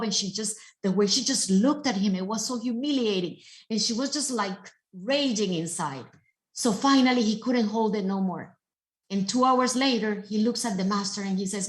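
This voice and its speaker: A woman's voice: medium pitch, moderate pace. Storytelling woman speaker in an echoey room. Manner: storytelling, animated and emphatic. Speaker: guest speaker. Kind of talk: motivational talk.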